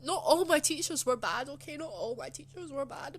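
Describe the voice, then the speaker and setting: Higher-voiced woman telling a story. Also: animated, moderate pace, hardly any pauses, slight background noise. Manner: rambling, many fillers, soft and emotional. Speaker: channel host. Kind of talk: casual personal storytelling.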